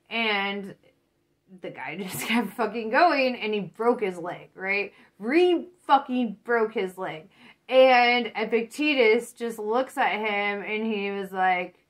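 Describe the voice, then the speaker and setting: A woman's voice: a little high, slow. A woman giving a casual tarot reading, rambling and encouraging, swearing freely. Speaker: tarot reader.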